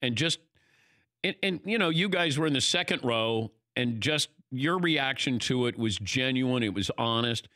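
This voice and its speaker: An older man hosting a casual chat, telling stories in an animated way and acting out what people said. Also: mid-range voice, moderate pace, dry recording, studio quality. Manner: animated storytelling, acting out quoted lines. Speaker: host.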